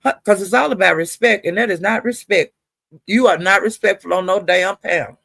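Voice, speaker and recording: A woman's voice: medium pitch, a little fast, creaky, a bit bright, no room sound. A woman live streamer in a casual, rambling rant, swearing freely and greeting viewers in the chat.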